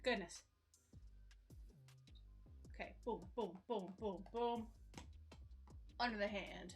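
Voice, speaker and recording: Speaking slowly with long pauses, a young woman with a medium-pitched voice hosts a casual live stream from home over soft background music. Talking into a corded mic, she reads viewers' messages aloud and bursts into yelps as she juggles and gets sweaty.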